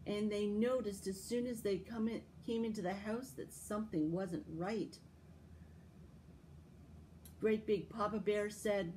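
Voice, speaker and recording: A woman who tells stories to children at a library, reading a fairy tale aloud and giving tips in slow, expressive, sing-song storytelling. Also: medium pitch, rough recording.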